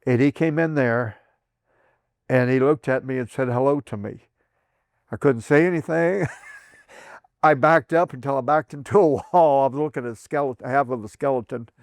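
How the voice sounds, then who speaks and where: A man's voice: normal speed, long pauses, no room sound, clean studio sound. An older man from southern Indiana, a veteran telling his memories in an oral history interview, rambling with restarts and chuckles. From southern Indiana, USA. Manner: acts out quoted voices with raised pitch.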